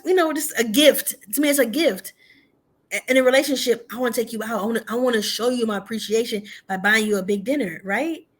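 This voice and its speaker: A woman co-hosting a casual talk show about dating, candid and chatty, often adding fillers and asides. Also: on the high side. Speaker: podcast co-host. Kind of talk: casual chat.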